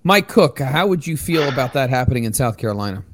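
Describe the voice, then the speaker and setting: A man's voice: mid-range voice, sing-song, quick pace, no room sound. A man hosting a casual talk show, teasing and joking with his guests. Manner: jokey, teasing, laughs a lot. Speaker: host. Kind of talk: casual banter.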